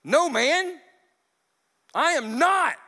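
A preacher acting out a frightened man shouting denials, his voice flung up high and bright. The cries ring out with a long reverb, as in a large sanctuary. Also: expressive, extremely slow, exaggerated voice. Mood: yelling denial. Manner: shouting, defensive. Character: apostle Peter, a frightened man loudly denying.

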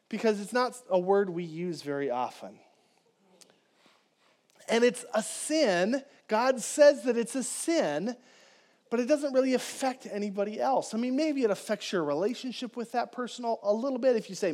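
A man preaching a conversational, animated sermon as a pastor, speaking directly to his congregation. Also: high-pitched, moderate pace.

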